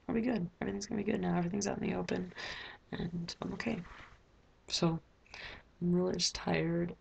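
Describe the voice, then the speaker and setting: A woman's voice: on the low side, gravelly, darkish tone, breathy edge. A teenage girl recording a casual video diary in her bedroom, rambling with lots of filler words. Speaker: vlogger.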